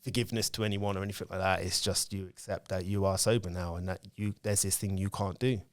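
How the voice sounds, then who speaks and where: A man's voice: low voice, fairly even intonation, quick pace, no echo, studio quality. A man, speaking as a podcast guest and telling candid stories about his own life in casual conversation. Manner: candid storytelling, reflective.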